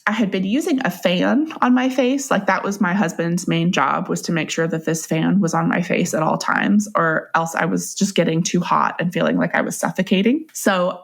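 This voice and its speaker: A young woman recounts her own experience as a guest on a podcast. Her voice has a noticeable fry and gravel in it. She talks casually and conversationally, breaking into laughter often as she goes. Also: fairly low pitch, expressive, normal speed, hardly any pauses. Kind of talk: personal storytelling.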